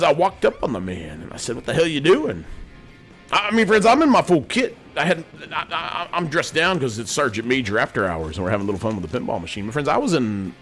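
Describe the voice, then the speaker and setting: Animated man rambling to "friends". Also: medium pitch. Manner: folksy, keeps calling the audience "friends". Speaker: show host in a sergeant major persona. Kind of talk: rambling monologue. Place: home studio.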